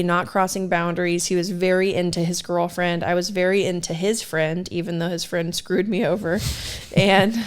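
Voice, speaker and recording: A woman's voice: medium pitch, clear, resonant tone. Woman, podcast co-host, candid and self-deprecating storyteller who laughs often. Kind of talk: casual storytelling.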